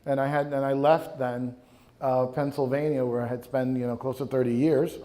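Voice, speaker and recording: A man's voice: mid-range voice, level tone, moderate pace, warm tone. A man in his fifties from the New York area, a bishop telling wry personal stories to a live audience with plenty of ums and uhs. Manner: wry anecdotal storytelling, many ums and uhs. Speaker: bishop, guest speaker. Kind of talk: storytelling talk to a young adult audience. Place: live talk event before an audience.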